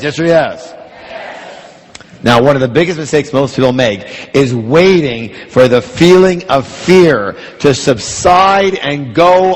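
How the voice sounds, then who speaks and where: A man giving a motivational seminar talk in a large hall, driving the audience with call-and-response questions. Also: a little high. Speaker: motivational speaker.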